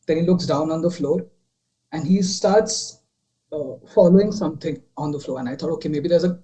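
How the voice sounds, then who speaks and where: Young man telling a ghost story, mellow. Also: fairly high pitch, moderate pace, low-quality recording. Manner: rambling, many fillers and restarts, drops quieter while retelling. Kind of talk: casual storytelling on a video call. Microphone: video call.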